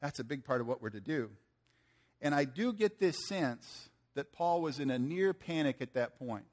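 A man's voice: on the high side, expressive, normal speed, darkish tone. A man in his fifties preaching a sermon in a conversational way, asking the audience questions and acting out quotes in slangy lines. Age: 50s. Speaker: pastor.

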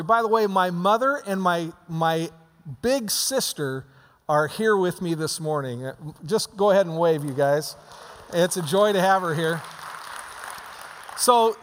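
Pastor, male, high-pitched voice, casual preaching with false starts, reverberant church hall. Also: a bit bright. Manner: conversational preaching with many restarts. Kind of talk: sermon. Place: church sanctuary.

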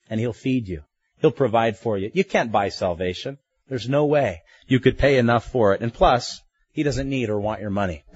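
A man preaching a sermon in a lively, conversational way, asking his listeners pointed questions. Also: mid-range voice, breathy edge, no echo, lo-fi sound.

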